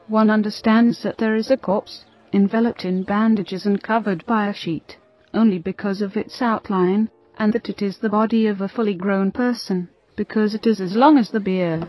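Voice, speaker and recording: A woman's voice: mid-range voice, fairly even intonation, normal speed, a little mellow, no echo, poor audio. Woman reading a religious story. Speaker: narrator.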